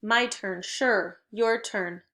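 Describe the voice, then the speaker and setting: A woman teaching children in a recorded video lesson, giving encouraging, clearly paced instructions and drawing out key words slowly. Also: medium pitch, pushed and bright. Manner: stretches out target words slowly.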